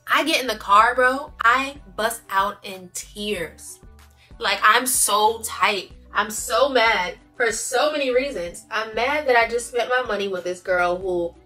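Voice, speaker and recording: Bright-voiced young woman venting animatedly. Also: mid-range voice. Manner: animated, emphatic, slangy venting. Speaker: vlogger. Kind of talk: casual storytime chat.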